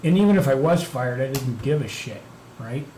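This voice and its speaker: A man's voice: medium pitch, animated, moderate pace, mellow. A man hosting a live stream, chatting casually and telling a profane story while muttering over his computer work. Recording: echoey room, faint background noise.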